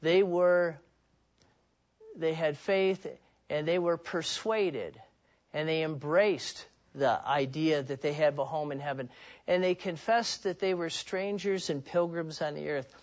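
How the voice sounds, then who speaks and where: A man's voice: a little high, fairly even intonation, measured pace, lo-fi sound. A man preaching a sermon in an earnest, personal way, often restarting and repeating words.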